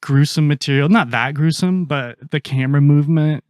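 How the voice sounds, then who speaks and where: Man, podcast co-host, casual chat, animated, swears freely, dry close mic. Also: fairly high pitch, normal speed, dry recording.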